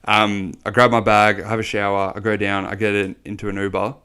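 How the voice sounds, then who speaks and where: A man's voice: fairly low pitch, brisk, clear, resonant tone. Rambling Australian man telling a story. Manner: rambling, animated storytelling with acted-out quotes and swearing. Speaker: podcast co-host. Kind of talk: casual storytelling chat.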